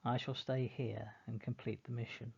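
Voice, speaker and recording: A man's voice: medium pitch, little pitch movement, normal speed, gravelly, a little mellow, breathy edge, lo-fi sound. A man voicing a pompous, bossy elder brother who plays at giving military commands. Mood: commanding.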